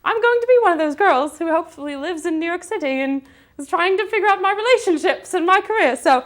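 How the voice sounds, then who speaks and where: A woman's voice: extremely high pitch, animated, quick pace, voice pushed up. A young woman doing a playful, put-on British accent while describing a show to her co-host. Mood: playful posh. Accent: mock British.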